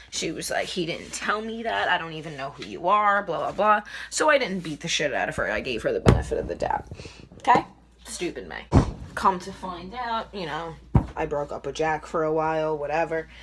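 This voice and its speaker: A woman's voice: low voice, background noise. A young woman telling a brash, swearing story for her vlog, recorded indoors on a camera mic. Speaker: vlogger.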